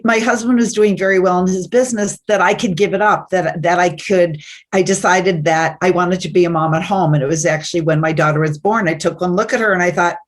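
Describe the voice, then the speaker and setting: Podcast guest, woman, animated storyteller who slips into voices for quoted people. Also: fairly low pitch. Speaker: guest, success teacher. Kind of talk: personal storytelling.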